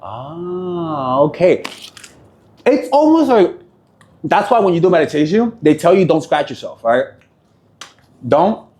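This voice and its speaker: A man's voice: fairly high pitch, sing-song, a little slow, pauses often, darkish tone. A man giving a casual motivational talk on meditation and reacting, blunt and profane, repeating phrases for emphasis. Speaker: self-help speaker.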